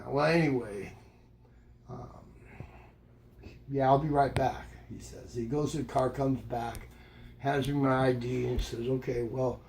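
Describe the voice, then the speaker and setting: An older man telling a rambling, humorous story in a casual way, jumping up in pitch to act out the voices he quotes. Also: vocal fry. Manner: animated, acts out quoted voices with jumps in pitch. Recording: loud background noise.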